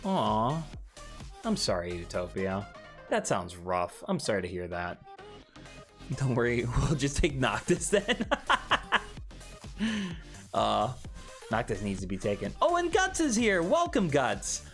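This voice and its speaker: A young man hosting a casual live stream, chatting with viewers and answering their comments, often jumping into high excited squeals. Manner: animated, jumps into high excited squeals and laughs.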